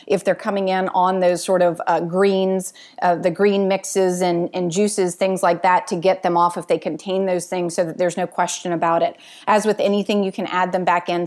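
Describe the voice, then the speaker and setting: A woman doctor in her thirties hosting her own podcast, answering listener questions in a chatty, friendly way with many fillers. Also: mid-range voice.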